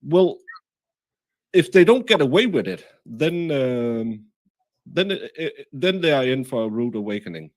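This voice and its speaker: A man hosting a casual livestream chat, rambling and halting with many fillers as he reads comments. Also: mid-range voice, very animated, a little mellow. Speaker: livestream host.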